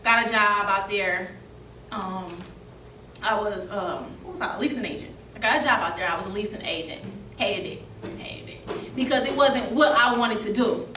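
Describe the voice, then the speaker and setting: A woman's voice: medium pitch, moderate pace, sharp tone, slight background noise. A young woman, telling her story as a seminar speaker, emotional and laughing as she goes. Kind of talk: motivational storytelling. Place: seminar room. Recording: echoey room, mic from a distance.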